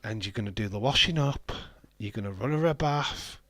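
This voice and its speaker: A man hosting a live wrestling watch-along, chatty and excitable, swearing casually. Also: fairly low pitch, a little fast, no room sound. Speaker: livestream host.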